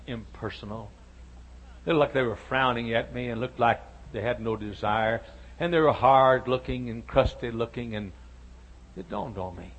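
A man preaching a sermon as pastor of a church, moving from soft hushed storytelling to loud, shouted appeals. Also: fairly low pitch, gravelly, breathy edge, poor audio. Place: church sanctuary.

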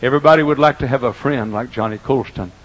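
Husky older preacher, quiet to booming. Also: male voice, muffled recording. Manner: folksy preaching, swings from quiet to loud and drawn-out. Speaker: pastor. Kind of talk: sermon. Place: church auditorium.

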